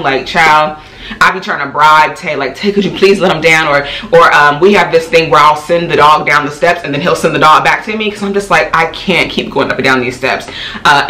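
A woman vlogger chatting quickly and casually to camera at home, tired and full of fillers. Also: deep voice, sharp tone. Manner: fast-talking, chatty, many fillers. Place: home apartment. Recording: echoey room.

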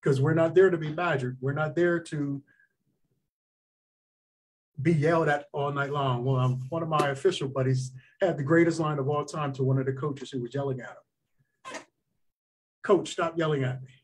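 A man appearing as a sports official guest, giving calm, measured advice in casual interview talk. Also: fairly high pitch, slight background noise.

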